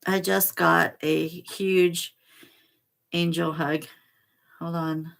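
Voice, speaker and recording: Slow, gravelly-voiced woman host. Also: on the low side. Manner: slow, soft and emotional, reads aloud with pauses. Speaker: channel host reading oracle cards. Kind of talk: casual spiritual vlog.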